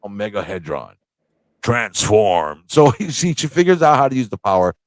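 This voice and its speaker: A man co-hosting a casual movie review chat, excitable and laughing, acting out scenes as he talks. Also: on the low side, normal speed, no room sound. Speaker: podcast co-host.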